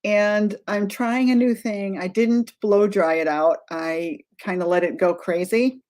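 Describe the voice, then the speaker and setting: A woman's voice: mid-range voice, steady tone, measured pace, a little mellow. A middle-aged woman hosting a live-streamed craft tutorial, chatting casually, greeting viewers by name and often wandering off-topic and correcting herself. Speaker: art tutorial host.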